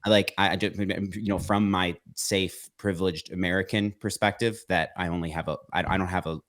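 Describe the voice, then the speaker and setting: A young man with a very low voice talks in a casual conversation. He stops, restarts and repeats words as he searches for what to say. He stays earnest, and at times heat comes into his voice. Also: fairly even intonation, a little fast, a bit bright, dry recording, studio quality. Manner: earnest, emotionally heated at times. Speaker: podcast guest.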